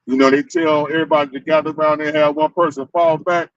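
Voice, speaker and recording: A man's voice: fairly high pitch, lively intonation, fast, gravelly, no echo, muffled recording. A man in a casual group talk, telling a story in a laid-back, slangy way. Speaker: fellow member of the camp.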